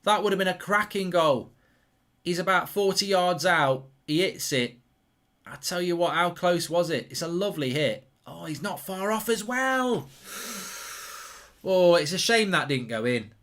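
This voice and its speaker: A man hosting a live football watchalong, reacting excitedly to chances and reading out viewer questions. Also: sits high, a little slow. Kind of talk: live match commentary and chat with viewers.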